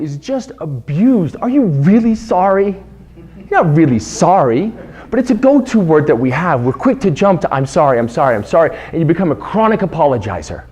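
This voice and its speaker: A man giving a prepared club speech, telling a story and acting out the voices of the people in it. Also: fairly high pitch. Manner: animated storytelling, acts out quoted voices. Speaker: club speaker.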